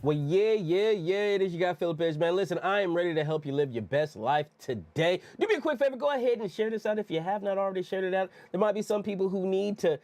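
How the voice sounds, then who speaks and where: A man's voice: sits high, lively intonation, quick pace, few pauses, darkish tone, faint music behind. A man hosting a motivational leadership podcast, hyped and preacher-like, repeating phrases for emphasis on a close studio mic. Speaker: podcast host. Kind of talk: energetic motivational podcast talk.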